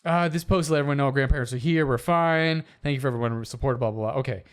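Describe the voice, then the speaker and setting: A man co-hosting a comedy podcast, chatting casually and reading posts aloud in an animated, jokey way. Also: mid-range voice, very fast, smooth. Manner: animated, jokey, slips into silly voices. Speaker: podcast co-host.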